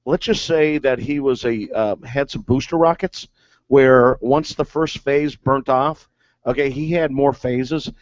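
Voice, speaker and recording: A man's voice: medium pitch, a little slow, no echo. A man, a former ballplayer, telling stories in a casual, rambling way, filling gaps with "uh" and "okay". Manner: rambling, filler-heavy with many "okay"s. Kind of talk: casual storytelling. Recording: dull lo-fi sound.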